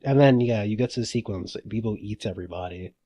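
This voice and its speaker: A man co-hosting a podcast, chatting in an excitable, rambling way and laughing often. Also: fairly low pitch, fast talker, no room sound. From United States. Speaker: podcast co-host. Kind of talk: casual chat.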